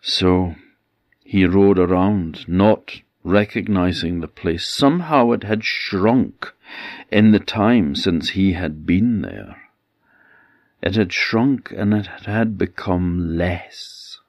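An Orkney Scottish storyteller tells an old myth in a gentle cadence that repeats itself. His voice is deep and gravelly, and he takes his time. The sound is close and dry. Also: takes it slowly, dry recording, dull audio. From Orkney Islands, Scotland. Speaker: traditional storyteller. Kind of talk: oral folktale storytelling.

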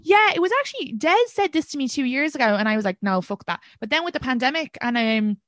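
A woman's voice: high-pitched, animated, fast talker, a bit bright, dry recording, studio quality. A young Irish woman hosting a podcast, chatting frankly and casually and swearing freely. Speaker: podcast host. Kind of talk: casual chat.

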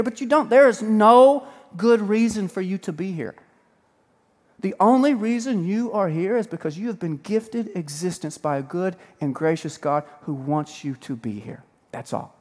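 Pastor, man, sermon; playful, swings loud to hushed; reverberant church hall. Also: high-pitched, moderate pace. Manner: lively, joking, swings between loud and hushed.

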